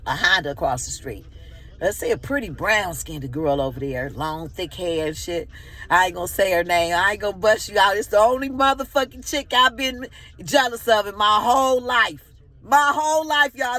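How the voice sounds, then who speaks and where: A middle-aged woman telling a profane, animated personal story in casual storytime style, often turning to her listeners. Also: mid-range voice.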